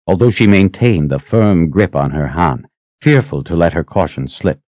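A man reading a fantasy audiobook aloud in an expressive, dramatic way. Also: low-pitched, normal speed, no room sound. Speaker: audiobook narrator. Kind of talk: scripted fantasy narration. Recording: dry, slightly muffled audio.

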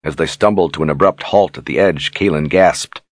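A man reading a fantasy novel aloud in steady, measured scripted narration. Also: very deep voice, dry recording. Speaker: audiobook narrator.

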